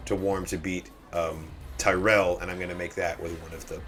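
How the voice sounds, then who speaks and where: A man's voice: sits low, little pitch movement, a little fast, fairly bright tone, faint music behind. A man playing a tabletop role-playing game, talking casually and hesitantly while checking his notes. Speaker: player.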